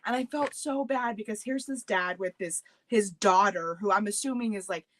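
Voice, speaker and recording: A woman's voice: mid-range voice, normal speed, dry recording. A young woman co-hosting a casual chat show, telling stories with lots of swearing and acting out her own panicked squeals. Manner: animated storyteller, swears freely, acts out panicked squeals. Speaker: podcast co-host.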